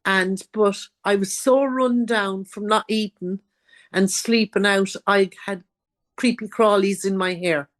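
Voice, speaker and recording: A woman's voice: mid-range voice, measured pace. Irish woman telling her life story. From Ireland. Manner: lively storyteller, acting out others' words. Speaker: guest author. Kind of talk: personal storytelling in an interview.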